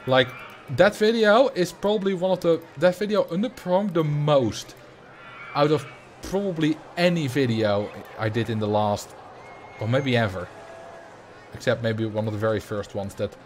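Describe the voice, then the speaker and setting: A man's voice: fairly high pitch, slight background noise. A young man from the Netherlands with a Dutch accent, chatting loosely on a livestream and answering his chat as he plays. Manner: rambling, reads chat aloud and answers. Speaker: streamer.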